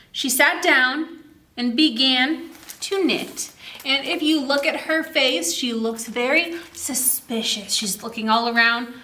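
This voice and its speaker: A woman's voice: high voice, bright, forceful tone. A woman, a children's librarian, reading a picture book aloud at storytime and stopping to ask the children questions. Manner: reads to children and asks them questions. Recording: roomy echo.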